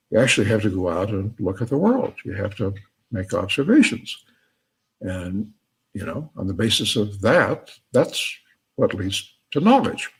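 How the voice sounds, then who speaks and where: Husky low-voiced man telling jokes. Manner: storytelling, laughs at own jokes. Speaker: lecturer. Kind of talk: lecture with joke-telling.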